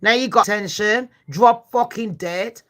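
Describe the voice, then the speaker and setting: A woman's voice: medium pitch, measured pace, a bit bright. A woman, hosting a live stream and ranting, swearing and squaring up to commenters between true-crime chat. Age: 40s. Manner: foul-mouthed, confrontational, ranting at chat. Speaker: livestream host.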